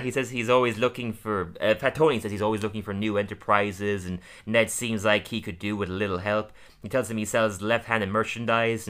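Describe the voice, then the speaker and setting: A man casually recapping a cartoon episode on a podcast, laughing often and briefly acting out characters' lines. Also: on the low side. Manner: animated, laughs often, acts out lines in quick voices. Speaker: podcast co-host.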